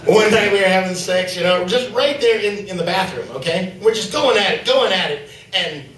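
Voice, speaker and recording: A man's voice: high-pitched, lively intonation, normal speed, a bit bright, a little hiss or hum. A man doing a stand-up set, loose and rambling with lots of fillers. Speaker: stand-up comedian. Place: comedy club stage. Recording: echoey club from far off.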